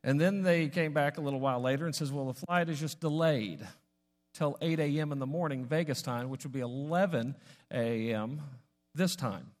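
A man's voice: fairly high pitch, normal speed. A man preaching a sermon as pastor, telling a story conversationally, with asides, fillers and restarts. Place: church sanctuary. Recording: long reverb of a large hall.

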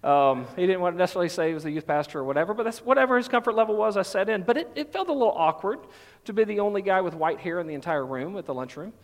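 Folksy Southern pastor in a reverberant hall. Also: male voice, sits high, lively intonation, very fast. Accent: light Southern US. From Texas. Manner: folksy, conversational, many fillers. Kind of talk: sermon.

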